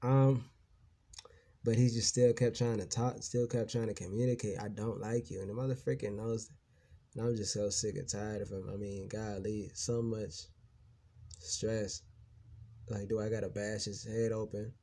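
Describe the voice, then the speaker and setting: A man talks straight to his viewers in a loose, rambling rant, swearing freely and circling back over the same points. His voice sits low and dark. As he goes on he turns heated and emphatic. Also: fairly even intonation, normal speed. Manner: rambling, profane, repeats himself. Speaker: vlogger. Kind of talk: casual venting monologue.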